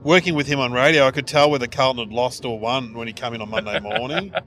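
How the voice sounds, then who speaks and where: A man's voice: fast, faint music behind. A middle-aged man hosting a casual comedy chat, telling stories and jumping into voices for the people he quotes. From Australia. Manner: animated storyteller, jumps into high-pitched voices for quoted people. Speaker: podcast host.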